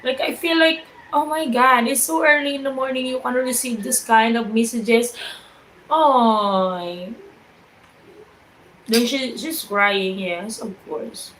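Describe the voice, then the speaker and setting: A Filipino-accented woman talks on a casual livestream in a fairly high voice. She speaks slowly and haltingly, repeats her phrases, and breaks off to greet viewers. Faint background noise sits under her voice. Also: steady tone, a bit bright, low-quality recording.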